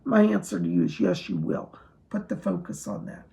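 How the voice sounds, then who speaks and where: A man giving live psychic readings to viewers, hoarse as his voice gives out, relaying spirit messages in a reassuring way. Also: high-pitched, wildly swooping pitch, moderate pace, warm tone. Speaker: psychic medium.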